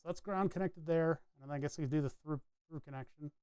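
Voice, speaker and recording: A chatty man talks through his soldering work in a casual, rambling way, thinking out loud about each connection. His voice sits a little high for a man. The sound is dry and close, with almost no room echo. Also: brisk, clear, resonant tone. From New England. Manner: chatty, rambling, self-narrating as he works. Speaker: electronics hobbyist streamer. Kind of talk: casual talk while soldering.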